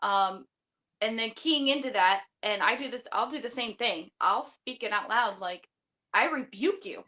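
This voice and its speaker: A woman's voice: a little high, normal speed, pushed and bright, dull audio. A woman guest on a podcast, an author and podcaster, talking about faith in a fervent, emphatic way. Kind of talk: casual faith-based interview chat.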